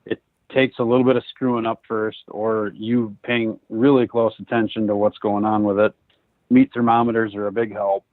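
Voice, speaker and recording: Low-voiced man on a tinny line. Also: level tone, normal speed, no room sound. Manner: gives practical advice, affirming. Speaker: podcast co-host. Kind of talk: casual chat. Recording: tinny phone-like remote line.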